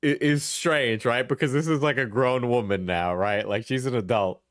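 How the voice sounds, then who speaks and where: A man's voice: medium pitch, normal speed, no room sound, studio quality. A young man streaming clip reactions in casual chat, rambling and laughing often as he trails off mid-sentence.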